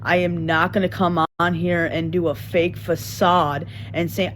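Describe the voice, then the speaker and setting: A man's voice: fairly high pitch, little pitch movement, unhurried, hardly any pauses, fairly bright tone, low-quality recording. A man talks on a phone livestream, his words tumbling out and doubling back on themselves. He sounds earnest and a little defensive. A faint noise sits under the voice. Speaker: livestream host. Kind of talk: livestream apology talk.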